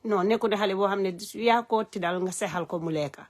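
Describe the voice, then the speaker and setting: A woman speaks straight into her phone on a live stream. Her voice sits at an ordinary mid pitch. She is earnest and heartfelt, and she fills her halting phrases with "um" as she moves between languages. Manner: hesitant, many "um" fillers, mixing languages. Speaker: live-stream host and advocate. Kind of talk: unscripted live-stream talk.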